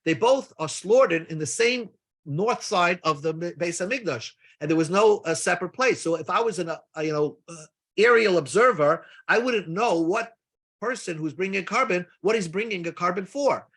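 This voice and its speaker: In his daily Talmud class, a man walks through the material step by step, using Hebrew and Aramaic terms freely and adding casual asides. His voice sits high and sounds a bit bright.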